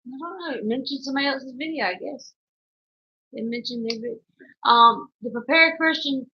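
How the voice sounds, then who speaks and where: A woman's voice: high-pitched, normal speed, slight background noise. A woman with a Southern accent reading viewer comments aloud and teasing her husband on a casual livestream. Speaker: co-host. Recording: muffled lo-fi stream audio.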